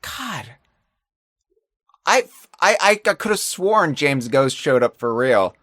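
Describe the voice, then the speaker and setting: Male podcast guest, lively pitch swings, dry close sound, chatty and easygoing. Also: dry recording. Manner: animated, chatty, quick to laugh. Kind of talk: casual podcast chat.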